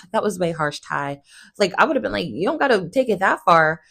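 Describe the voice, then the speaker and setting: A woman hosting a casual recap, chatty and sarcastic, jumping into high voices when she acts out quotes. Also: very animated, fairly quick, a bit bright, slightly rough. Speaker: recap host.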